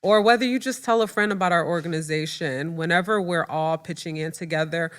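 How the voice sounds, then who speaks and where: A woman's voice: fairly low pitch, brisk. A woman guest on a podcast, earnestly and evenly explaining her organization's campaign. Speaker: guest promoting a charity. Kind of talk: casual promotional pitch.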